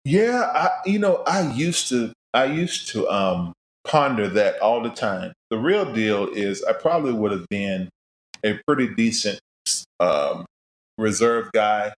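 A middle-aged man, a musician and podcast guest, telling his life stories in a casual, animated way and acting out past conversations. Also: on the low side, a little slow, echoey room. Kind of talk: casual storytelling interview.

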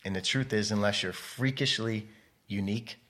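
A man with a low, deep voice talks loosely through a podcast interview. He rambles, cuts himself off and restarts mid-thought, like a guest telling stories from his working life. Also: normal speed, sharp tone. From United States. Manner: rambling, self-interrupting storyteller. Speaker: podcast guest, model and photographer. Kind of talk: casual interview chat.

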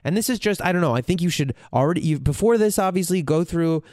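A man's voice: a little high, animated, quick pace, a little mellow, no room sound, clean studio sound. A man in a candid, reflective monologue, swearing freely and searching for his words as he goes.

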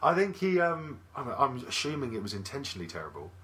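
A man co-hosts a casual film podcast, chatty and quick to laugh. His voice is bright and forward, and his pitch sits in the middle range for a man. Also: big pitch swings. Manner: chatty, laughs often, jokey asides. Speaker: podcast co-host. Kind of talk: casual movie chat.

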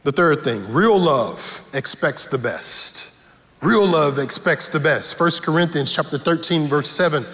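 A male pastor preaching a sermon in a church, animated and humorous, repeating key lines for effect. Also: on the high side, a little slow. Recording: reverberant hall with faint music.

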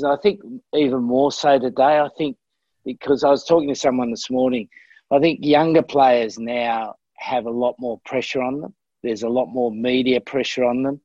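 An older Australian man hosting a podcast, speaking thoughtfully with many pauses and fillers. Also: mid-range voice, a little mellow, no room sound, highs cut off. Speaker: podcast host, coach. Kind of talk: reflective conversation. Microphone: remote call.

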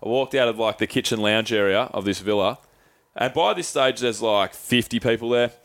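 A man's voice: medium pitch, normal speed, fairly bright tone, dry recording. An Australian man telling a candid personal story in a rambling, swear-heavy podcast chat. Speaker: podcast co-host.

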